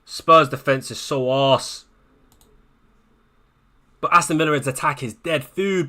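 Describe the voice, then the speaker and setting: A man's voice: fairly high pitch, a little slow, pauses often, fairly bright tone. A man streaming live to his viewers, anxious and swearing, repeating himself as he talks things over with chat. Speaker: fantasy football streamer.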